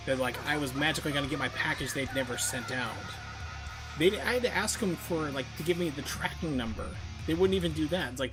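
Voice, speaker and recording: A male streamer talks casually over clearly audible game music. His speech rambles and is full of fillers, and he quickly works himself up into a rant. His voice sits at an ordinary middle pitch. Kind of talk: casual live-stream chat while gaming.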